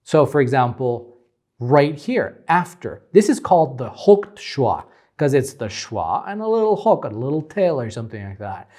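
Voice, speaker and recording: A young man teaching phonetics, explaining symbols slowly with frequent ums while pointing at examples. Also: mid-range voice, sing-song, dark tone. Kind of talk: phonetics lecture at a board.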